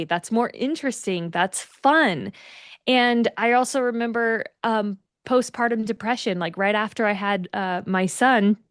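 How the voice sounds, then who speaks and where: A young woman co-host shares personal stories on a casual self-help podcast. Her voice is mid-pitched and earnest, and the recording is dry and close, with no room echo. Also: smooth.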